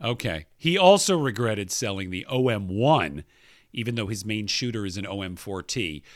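A man's voice: fairly low pitch, lively intonation, moderate pace, dry recording, studio quality. A man co-hosting a podcast, reading listener emails aloud in a playful, casual way and laughing often. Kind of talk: casual chat.

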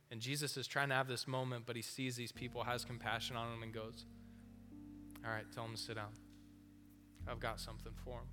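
A man preaching a sermon, telling the story in a casual, animated way and acting out the people in it. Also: mid-range voice. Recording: long hall reverb with faint music.

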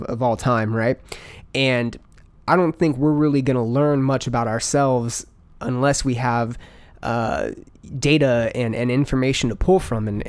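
A man's voice: medium pitch, a little mellow, dry recording. Rambling, swearing man in a dry recording. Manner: rambling, profane, full of fillers. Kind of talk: casual monologue.

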